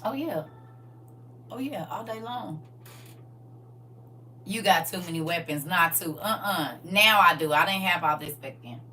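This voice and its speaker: A woman hosting a livestream, telling stories in an animated, emphatic and slangy way. Her voice is bright and sharp. It sounds a little distant from the microphone, with a faint hum in the background. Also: lowish voice, a little slow, long pauses. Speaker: livestream host. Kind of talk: casual storytelling to a live audience.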